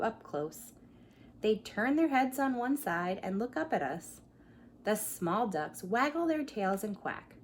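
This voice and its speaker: Expressive pre-K teacher reading aloud. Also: female voice, mid-range voice. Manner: expressive, acts out animal sounds and invites children to join in; drops to a whisper at quiet moments. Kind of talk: picture book read-aloud for young children. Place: her home, by a coffee table.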